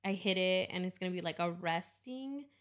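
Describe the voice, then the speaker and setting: A woman's voice: lowish voice, normal speed, fairly bright tone. A young woman co-hosting a podcast in casual chat, talking in a rambling way with restarts and laughs. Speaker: podcast co-host.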